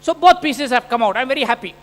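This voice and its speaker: High, bright man lecturing in a hall. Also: fast talker. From India. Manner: animated, joking, first-person narration with frequent "okay?". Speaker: eye surgeon lecturer. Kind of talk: conference lecture over surgical video. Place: large conference hall.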